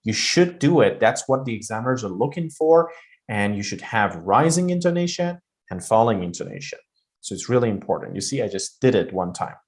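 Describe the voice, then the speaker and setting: A man teaching an exam-prep pronunciation lesson, explaining deliberately with stressed words and pauses. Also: on the low side, big pitch swings.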